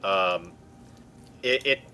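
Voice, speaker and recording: A man's voice: deep voice, sharp tone, clear, resonant tone. A man chatting with a streamer over voice chat, often restarting his sentences as he builds his point. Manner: halting, restarts often while building an argument. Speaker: voice chat guest. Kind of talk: casual chat.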